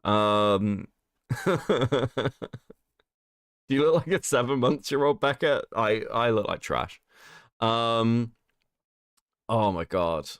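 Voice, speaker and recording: A man's voice: medium pitch, takes it slowly, long pauses, a bit bright, clean tone, dry recording, studio quality. A man hosting a casual livestream while sick, reading chat aloud, swearing and laughing often. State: sick, rough voice. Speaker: streamer host.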